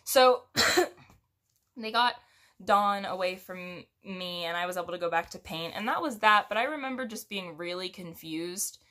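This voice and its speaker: A woman's voice: medium pitch, expressive, a little slow, sharp tone. A young woman telling a casual story to her viewers, chatty and rambling, with giggles and restarts. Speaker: storytime vlogger.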